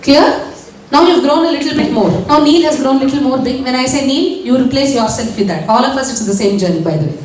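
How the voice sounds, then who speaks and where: A woman leads a spiritual workshop and keeps questioning her listeners. Her voice is high and lively. She sounds far from the microphone in a very echoey hall. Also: fast, slight background noise. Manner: animated, questions the audience often. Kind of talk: interactive teaching session.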